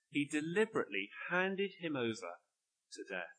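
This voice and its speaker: A man's voice: medium pitch, very animated, moderate pace, bright, forceful tone, slightly rough, poor audio. A man preaching an earnest, emphatic sermon at a church service.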